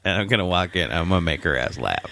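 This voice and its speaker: Low-voiced man with a lively delivery. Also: fast talker, creaky, no echo, studio quality. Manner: lively, jokey, swears, acts out the people in his story. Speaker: podcast co-host. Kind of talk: casual storytelling chat.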